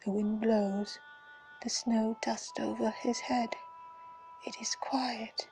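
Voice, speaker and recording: A woman reading a fantasy story aloud in a breathy, dramatic whisper. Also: on the high side, level tone, takes it slowly, darkish tone, soft background music, low-quality recording. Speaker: reader.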